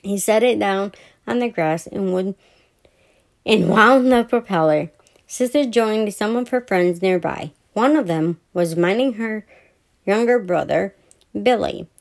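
A woman podcast host reading a children's story aloud, softly and with small stumbles she corrects. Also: medium pitch, lively intonation, unhurried, gravelly.

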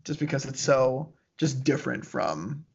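A man's voice: mid-range voice, animated, unhurried, gravelly, breathy edge. A man co-hosting a casual podcast, chatting in a laid-back, rambling way with frequent laughs. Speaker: podcast co-host. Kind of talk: casual chat. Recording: muffled lo-fi audio.

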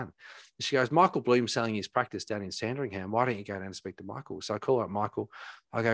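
A man, a chiropractor, telling his story in a rambling, animated way full of restarts. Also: fairly low pitch, fast talker, dry recording. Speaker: chiropractor guest. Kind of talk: conversational storytelling.

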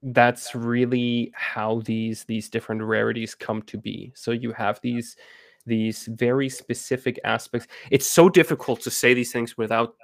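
A man talking as a guest in a casual interview, halting with many restarts and fillers and laughing often. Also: mid-range voice, flat delivery, creaky, no room sound, studio quality. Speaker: game co-founder guest.

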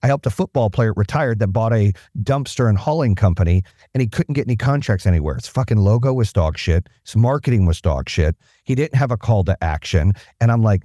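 A man's voice: on the low side, animated, warm tone, no echo, clean studio sound. A man speaking as a podcast guest, telling blunt, profane stories in casual talk. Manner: blunt, profane, fast-talking. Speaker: guest, business owner. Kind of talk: casual storytelling.

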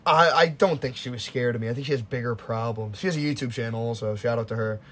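A young man hosting a casual podcast, telling stories with lively acted-out quotes and plenty of swearing. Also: mid-range voice, fast talker. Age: young adult. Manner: animated storytelling, acts out quotes, swears freely. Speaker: podcast host. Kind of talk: casual chat.

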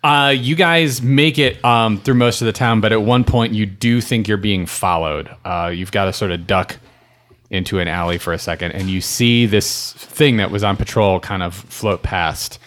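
A man's voice: fairly low pitch, moderate pace. A man narrating as game master of a tabletop game, describing scenes at an easy pace with many fillers. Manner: relaxed, filler-heavy describing.

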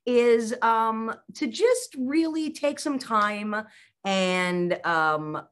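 A woman comedian chatting as a podcast guest, playful and given to bursts of excitement. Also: fairly high pitch, very slow, clean tone. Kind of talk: casual chat.

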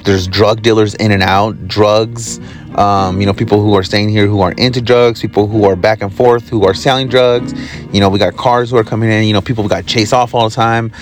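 A man's voice: lowish voice, fairly even intonation, a little fast, soft background music. A man hosting his own podcast, telling a work story in a casual, rambling way with lots of swearing and fillers. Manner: rambling, profane, with many fillers. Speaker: podcast host. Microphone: recording on the job, from a motel.

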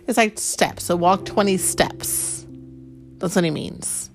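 A woman reading a picture book aloud to a child, gently explaining words and asking questions along the way. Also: on the low side, slow pace, vocal fry, soft background music. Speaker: storyteller.

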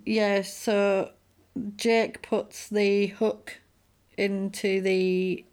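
A woman, co-hosting a podcast and recapping a film in a casual chat, animated and acting out quotes. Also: medium pitch, drawn-out words, clean tone. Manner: animated storyteller, acts out quotes.

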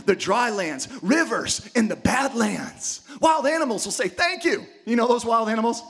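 High-voiced fiery preacher man. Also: normal speed, hardly any pauses, some chatter behind. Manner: energetic preaching, swings between hushed asides and shouted exclamations. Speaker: pastor. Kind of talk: sermon.

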